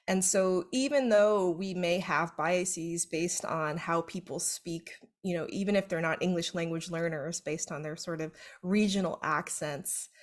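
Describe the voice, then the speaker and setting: A woman from Southeast Texas moderates a panel on a video call, with a faint, reduced Southern accent. Her voice sits a little low, and she talks earnestly and with emphasis, often checking in with a quick "right?". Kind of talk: online panel discussion.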